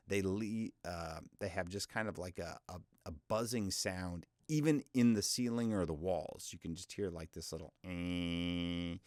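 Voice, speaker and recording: A man's voice: low-pitched, no echo, clean studio sound. A man in his forties coaching voiceover work in a loose, chatty, self-deprecating way, his voice often cracking. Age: 40s. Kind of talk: casual instructional talk.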